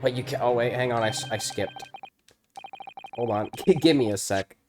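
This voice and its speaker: A man streams a game and jokes around in loose, casual talk with some swearing. His voice sits at a middling pitch, and game music plays behind him. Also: moderate pace. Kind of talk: let's play commentary. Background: video game music.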